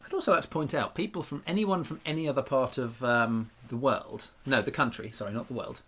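A man's voice: medium pitch, brisk, fairly bright tone, slightly rough. A man hosting a podcast in casual chat, joking and rambling with frequent laughs. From Norfolk, England. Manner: jokey, rambling, laughs often. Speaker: podcast host.

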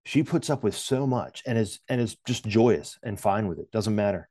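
A man in his forties, a podcast guest, talks candidly in a casual interview with a lowish, mellow voice, lively intonation and normal pacing. He rambles, with lots of fillers and restarts, and jokes at his own expense. The sound is dry and studio-clean.

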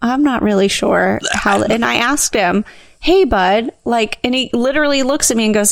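A young adult woman co-hosting a podcast, telling a story in casual chat, animated and laughing as she acts out what people said. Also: on the high side, moderate pace, creaky, no room sound. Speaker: podcast co-host.

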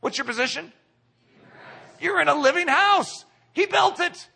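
High-voiced animated male preacher. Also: normal speed, creaky. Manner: animated, asks the listeners rhetorical questions; acts out inner voices in quotes. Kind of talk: sermon.

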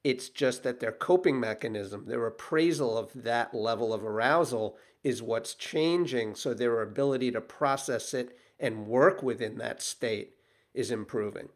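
A man's voice: medium pitch, unhurried. A man hosting an interview, summing up his guest's point and asking thoughtful questions. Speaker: host. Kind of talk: conversational podcast interview.

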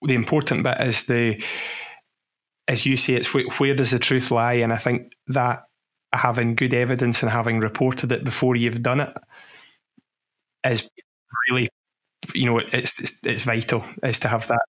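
A male podcast host guides the conversation in a steady, measured way, often restarting a phrase as he searches for the right words. His voice sits at a middle pitch, with nothing unusual in its tone. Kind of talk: casual podcast interview.

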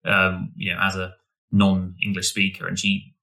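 A man's voice: low-pitched, completely flat delivery, moderate pace, creaky, pushed and bright. A man co-hosting a podcast, talking in an enthusiastic, rambling way with many restarts. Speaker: podcast co-host. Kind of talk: casual podcast chat.

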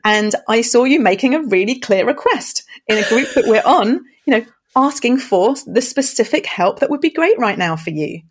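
A woman, co-hosting a podcast. She speaks calmly and gently, in considered, encouraging phrases. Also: on the high side, moderate pace, few pauses. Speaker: podcast co-host. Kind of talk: casual conversation.

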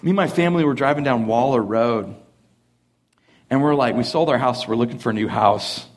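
A young adult man, a pastor, preaching a sermon at a church service, mixing lively family stories and laughter with earnest points. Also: medium pitch, fairly quick. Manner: animated, laughing storyteller who then turns earnest. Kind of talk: sermon with humorous storytelling.

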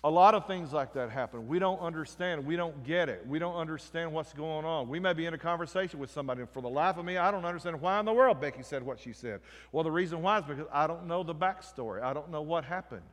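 A man preaching a sermon, swinging between loud emphatic lines and quiet ones. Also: a little high, quick pace, hardly any pauses. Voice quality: emphatic, rising and falling in volume. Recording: echoey hall reverb.

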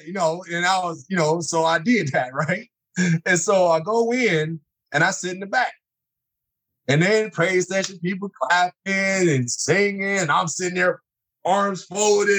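Middle-aged man, guest storyteller, animated, slightly higher voice, acts out every scene. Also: rough recording. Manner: lively, acts out scenes with sudden high-pitched exclamations. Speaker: guest telling personal stories.

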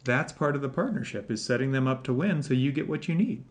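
A man hosting a podcast interview, talking in a relaxed, animated way and laughing often. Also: mid-range voice, fast talker. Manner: animated, laughs often, puts on voices in quotes. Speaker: podcast host. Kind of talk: casual interview chat.

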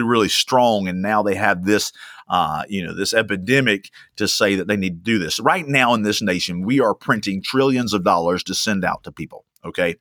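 A man's voice: fairly low pitch, a bit bright, dry recording, clean studio sound. A young man preaching a sermon as a pastor, emphatic and fond of repeating lines for stress. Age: young adult.

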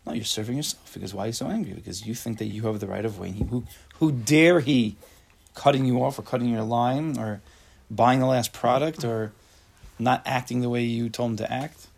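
A man's voice: mid-range voice, brisk, creaky, darkish tone, breathy edge. A man giving a casual Torah class, reading a text and explaining it, acting out angry everyday voices and asking the class questions. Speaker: Torah teacher.

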